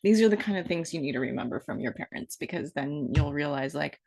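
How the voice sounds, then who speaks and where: A woman's voice: low voice, animated, a little fast, gravelly, darkish tone. A woman in her fifties talking in an improvised, rambling monologue, playful and self-mocking as she wanders from one thought to the next. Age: 50s. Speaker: vlogger.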